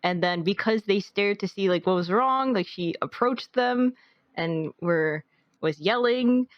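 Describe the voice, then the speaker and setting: A woman's voice: medium pitch, a little slow, no echo, highs cut off. A young woman co-hosting a podcast, telling a story in a rambling casual way with lots of "like". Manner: rambling storytelling, heavy use of "like". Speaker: podcast co-host. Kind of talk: casual chat.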